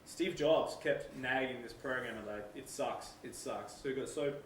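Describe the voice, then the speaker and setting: A man in the audience asking the speaker questions in a relaxed, conversational way. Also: mid-range voice, normal speed, a little hiss or hum. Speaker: audience member. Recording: far-off roomy mic pickup.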